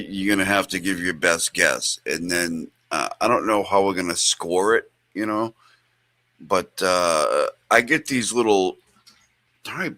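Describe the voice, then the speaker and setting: A man's voice: deep voice, sharp tone, dry recording. A man hosting a show, chatting casually in a rambling, profane way. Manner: rambling and profane, with many fillers. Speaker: show host. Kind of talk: casual chat.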